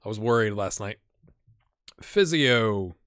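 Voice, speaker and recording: Chatty man streaming a game, bright voice. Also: fairly low pitch, expressive, slow, dry recording, clean studio sound. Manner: chatty, talks to himself while playing. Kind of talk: casual live-stream commentary.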